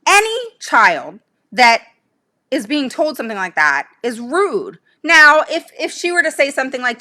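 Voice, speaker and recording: A woman's voice: high-pitched, big pitch swings, unhurried, pushed and bright. A woman talking casually to her viewers as a special education advocate, emphatic and indignant, firing off rhetorical questions. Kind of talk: casual livestream talk to viewers.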